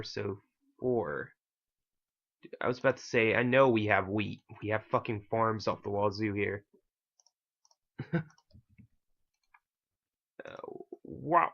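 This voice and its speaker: A man's voice: lowish voice, a bit bright, dull audio. A man giving casual gameplay commentary as host, rambling and self-mocking with casual swearing. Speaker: gaming channel host.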